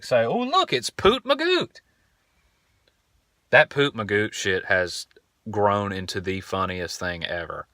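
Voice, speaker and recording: Bright-toned young man telling stories. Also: fairly low pitch, no room sound, studio quality. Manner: laid-back, rambling, swears casually. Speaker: podcast host. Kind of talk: casual storytelling monologue.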